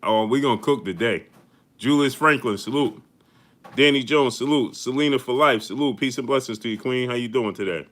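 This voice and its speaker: A man hosting a live boxing stream, greeting his viewers one by one in energetic slang. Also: mid-range voice, brisk. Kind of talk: casual live-stream shout-outs.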